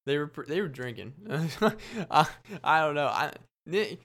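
A man's voice: a little high, expressive, a little slow, a bit bright. A young man hosting a podcast, telling a story in a casual, rambling way and laughing often. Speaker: podcast host.

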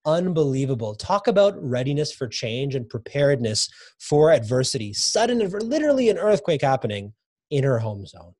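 A man being interviewed about his book, talking enthusiastically and repeating words when he gets excited. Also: mid-range voice, brisk, no echo, clean studio sound. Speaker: guest author. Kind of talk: casual podcast interview.

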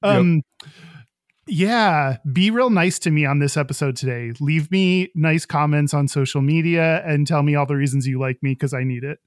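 A man co-hosting a casual podcast, joking with deadpan one-liners. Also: fairly high pitch, moderate pace, few pauses, dry recording, clean studio sound. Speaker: podcast co-host.

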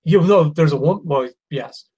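A man's voice: on the high side, normal speed, darkish tone, breathy edge, low-quality recording. A man in his thirties co-hosting a podcast, trading jokes and strong opinions in casual chat. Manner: joking, irreverent, opinionated. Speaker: podcast co-host.

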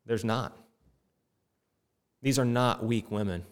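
A man's voice: mid-range voice, slow. A middle-aged man preaching a sermon with impassioned, rising and falling delivery. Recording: long reverb in a hall.

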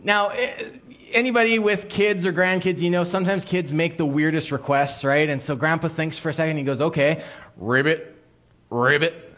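A man preaching a sermon as a pastor, telling stories with quick restarts and playful quoted voices. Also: on the high side, steady tone, a bit bright.

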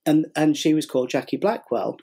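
A man's voice: a little high, expressive, brisk, mellow, slightly rough. A middle-aged man telling a long story in a casual interview, rambling with fillers and acting out what people said. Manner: rambling, many fillers and repeats, acts out quotes. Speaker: guest, sugar flower artist and teacher.

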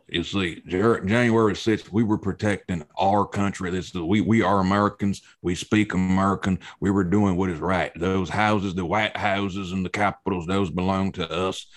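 A man puts on a bigoted rural rioter who rants in a deep, subdued voice. The recording is close and dry, with no room sound. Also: no echo, lightly acted.

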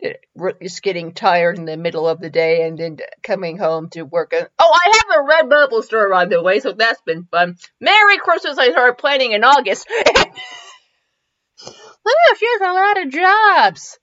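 A woman's voice: a little high, lively intonation, moderate pace, fairly bright tone, no room sound, dull audio. A woman podcast host reading fanfiction aloud with giggly, rambling, self-mocking comedic asides. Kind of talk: comedic commentary and story reading.

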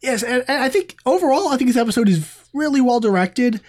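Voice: mid-range voice, animated, fast talker, darkish tone. A podcast co-host in a casual review chat, talking in a chatty, rambling way with many asides.

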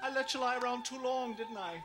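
An actor playing a creepy mortician who coos and sings softly to a corpse, in a horror TV clip with classical music under it. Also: male voice, very high voice, steady tone. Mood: creepy cooing. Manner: slow, cooing and singsong, swooping wildly. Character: creepy leering male mortician courting a corpse.

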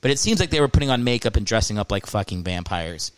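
A man's voice: fairly low pitch, sing-song, quick pace, clear, resonant tone, no echo. A man hosting his own comedy podcast, rambling through jokes with lots of swearing and laughing at his own bits. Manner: rambling, profane, jokey, breaks into mocking voices. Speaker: podcast host.

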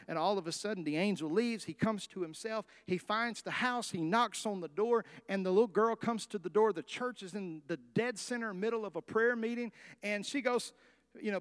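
High-voiced preaching man. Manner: animated preaching, acts out story voices, asks the congregation questions. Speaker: pastor. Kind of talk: sermon.

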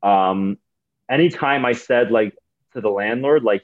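The recording is lo-fi, and the speaker is a young Canadian comedian with a medium-pitched voice and measured pace. Appearing as a guest on a casual podcast, he tells sprawling, profane stories with animated energy.

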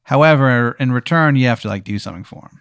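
A man's voice: medium pitch, fast, clean tone, no echo, clean studio sound. A man hosting a comedy podcast, narrating an improvised scene with lots of fillers. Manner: rambling, lots of "like". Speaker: podcast host running an improvised scenario. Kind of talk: improv storytelling.

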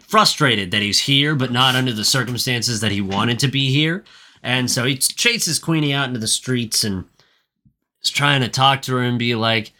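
A man's voice: medium pitch, pushed and bright. A man co-hosting a podcast, recapping a movie in casual chat, profane and ranting with lots of filler words. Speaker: podcast co-host.

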